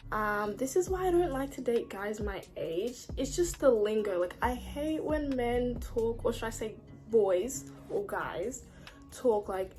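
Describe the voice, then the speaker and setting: A woman's voice: on the high side, lively intonation, unhurried, darkish tone, soft background music. A young woman, chatting casually to camera as a vlogger, exasperated and ranting, with lots of "like". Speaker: beauty and lifestyle vlogger.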